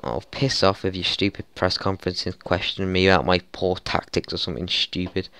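Exasperated young man, smooth voice. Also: low voice, fairly even intonation, brisk, bright, forceful tone, no room sound. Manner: frustrated, swearing, exasperated outbursts. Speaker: gaming YouTuber. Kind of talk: football management let's play commentary.

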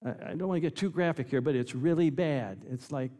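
A man's voice: on the high side, fairly quick. Emphatic preacher man, echoing hall. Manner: emphatic, swings between loud and quiet. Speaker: pastor. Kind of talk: sermon. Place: church sanctuary.

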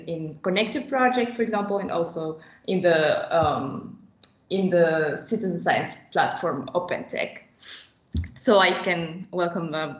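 A woman's voice: lowish voice, roomy sound, lo-fi sound. A woman co-hosting a webinar who introduces speakers with frequent fillers. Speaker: webinar co-host.

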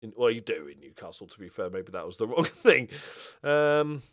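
Man, lively pitch, game commentary, swearing, mutters then outbursts. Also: normal speed. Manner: swears a lot, swings from mutters to angry outbursts. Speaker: gaming YouTuber. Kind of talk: casual gameplay commentary.

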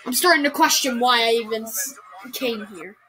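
A woman's voice: on the high side, moderate pace, sharp tone. A woman giving comedic reaction commentary on a wrestling show, complaining in an exasperated, melodramatic way.

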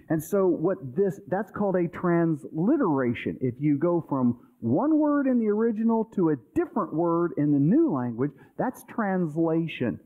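A male pastor teaching an informal Bible study class, explaining things conversationally with everyday examples and often checking in with "okay?". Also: high voice. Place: church. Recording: tinny, phone-like sound.

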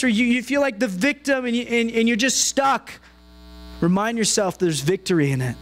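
A man's voice: extremely high pitch, animated, normal speed, fairly bright tone, low-quality recording. A man preaching a sermon in a conversational style, acting out the prayers and complaints he quotes. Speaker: pastor. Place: church sanctuary.

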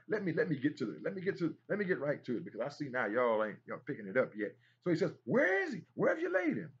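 A man's voice: medium pitch, breathy edge, lo-fi sound. A man teaching a Bible study in an emphatic preaching style, repeating phrases and exclaiming as he goes.

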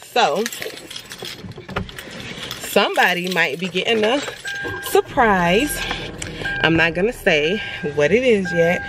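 A woman's voice: fairly low pitch, expressive, slow, long pauses, over music. A woman vlogger from Florida chatting casually at home, rambling and often correcting herself mid-sentence. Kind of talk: casual vlog chat. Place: her home. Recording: echoey room with faint noise.

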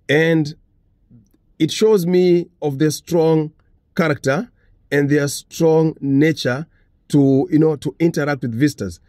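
A man's voice: a little high, darkish tone, dry recording, clean studio sound. A man from Africa talking casually to the camera, earnest and repeating his points. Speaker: commentator.

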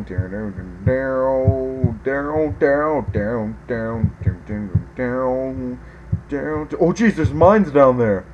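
A man giving let's play commentary as a gaming video host, excitable, yelping and groaning at every mishap. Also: medium pitch, highs cut off, a little hiss or hum.

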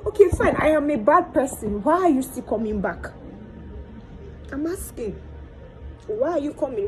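In a rough recording with faint music behind her, a young woman with a Nigerian accent speaks in a high, expressive voice at a moderate pace, pausing often. She is a vlogger weeping through a monologue to camera about her hurt, mixing Pidgin and Yoruba and asking the same pleading questions again and again.

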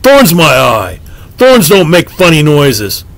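A man's voice: a little high, huge pitch swings, takes it slowly, gravelly, a bit bright, dry recording, full character voice. A blunt, stubborn boy who refuses to believe in anything he cannot explain, read by a man. He squawks his complaints in a slightly raised voice and leans hard on each accusation. He sounds like part of a storybook reading. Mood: indignant.

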